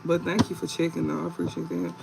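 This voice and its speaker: A young man hosting a live tarot reading stream, talking in a calm, low-key, casual way with slang. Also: fast talker, gravelly, heavy background noise.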